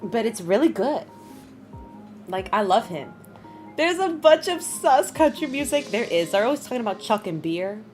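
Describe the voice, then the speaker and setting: Chatty young woman streamer, lively pitch. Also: moderate pace, faint music behind. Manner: chatty, greets chat, bursts of high laughter. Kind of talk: casual live-stream chat.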